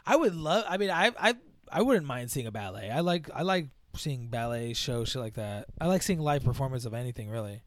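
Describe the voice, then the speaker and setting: A man co-hosting a casual movie review podcast, rambling and animated, often acting out lines from the film. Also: mid-range voice, brisk. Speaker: podcast co-host.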